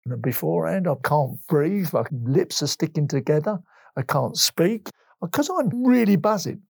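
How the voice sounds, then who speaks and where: A man in his fifties from England talks openly as an interview guest, emotional and frank, slipping into the voices of people in his stories. His voice is husky and soft-edged, mellow rather than bright. The sound is dry and close. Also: a little high, normal speed, no echo. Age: 50s. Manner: emotional, open storytelling with lively retold dialogue. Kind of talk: candid interview talk.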